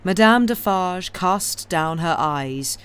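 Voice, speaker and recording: A woman reading a classic novel aloud on a live stream, steady, correcting small slips as she goes. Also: fairly low pitch, slow, clear, resonant tone. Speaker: audiobook reader, streamer.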